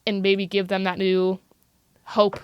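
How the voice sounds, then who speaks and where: A woman who teaches youth violence prevention, telling stories in a podcast interview in an earnest, animated way with frequent "like". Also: mid-range voice, takes it slowly, clean tone, dry recording, lo-fi sound.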